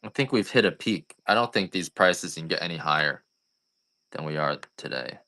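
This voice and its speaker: A man's voice: low-pitched, lively intonation, normal speed, gravelly, bright, forceful tone. A man, a coffee farmer selling on a live stream, chatting casually and going off on rambling, joking rants.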